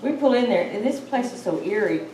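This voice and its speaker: A woman's voice: fairly high pitch, animated, a little fast, dark tone. An eager woman jumps in to add to the story, stumbling over repeated words. She sounds far from the mic in a roomy hall with faint hiss behind her. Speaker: symposium speaker. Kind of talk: adding to a shared story.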